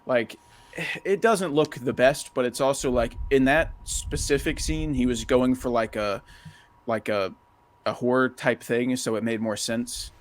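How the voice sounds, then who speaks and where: Laid-back young man, mid-pitched. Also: unhurried. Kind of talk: casual film discussion.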